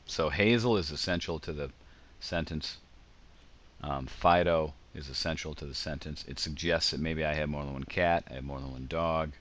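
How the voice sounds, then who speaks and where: A man's voice: extremely low pitch, normal speed, a bit bright. A man giving a casual grammar lecture over slides, explaining with examples and frequent ums. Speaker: teacher.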